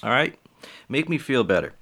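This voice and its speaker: A man's voice: medium pitch, very animated, moderate pace, vocal fry, a bit bright. A man who does stand-up comedy, talking casually and rambling to his viewers, with lots of swearing. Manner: rambling, profane, chatty.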